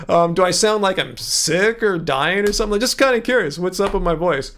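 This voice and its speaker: Laid-back Southern Californian man, lively pitch. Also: a little fast, slight background noise. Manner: lively pitch swings, emphasizes words by jumping up; laid-back, filler-heavy, many restarts. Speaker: livestream host answering chat. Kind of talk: casual livestream chat. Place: room with musical instruments.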